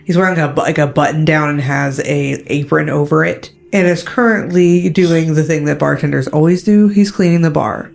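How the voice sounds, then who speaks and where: A woman narrating a tabletop game as game master, relaxed and full of fillers. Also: deep voice, normal speed, gravelly, hardly any pauses, faint music behind.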